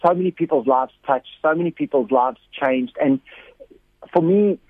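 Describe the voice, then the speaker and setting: A man's voice: on the high side, moderate pace, dry recording. A man, a missionary guest telling stories with lots of energy and repeated words. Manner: animated storyteller, repeats words often, acts out quotes with a raised voice. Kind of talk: storytelling interview. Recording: tinny phone line.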